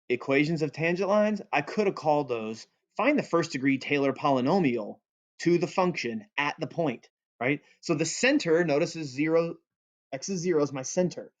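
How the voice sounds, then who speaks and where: A male math teacher giving a recorded calculus lesson in a playful, joking way. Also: medium pitch. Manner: playful and goofy, jokes with students. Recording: dull lo-fi audio.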